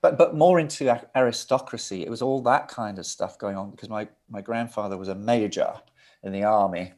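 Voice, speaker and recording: A man's voice: lowish voice, brisk, darkish tone. A middle-aged man from England, a record producer, telling his family history as a guest in a casual interview, rambling and restarting sentences. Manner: rambling, anecdotal, frequent restarts.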